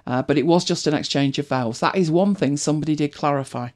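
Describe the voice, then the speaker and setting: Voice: mid-range voice, fast. A host with a British accent, chatting casually and rambling with many restarts. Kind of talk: casual chat.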